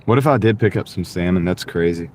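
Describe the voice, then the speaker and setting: A man talks loosely to his stream's viewers while driving between delivery orders. His voice sits low, and he rambles, often restarting phrases. A clip-on mic picks him up inside the car, with a faint hum of the vehicle underneath. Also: fast talker, a little mellow. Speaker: delivery driver live streamer. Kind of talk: casual live-stream chat while driving. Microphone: wireless clip-on mic. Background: faint car noise.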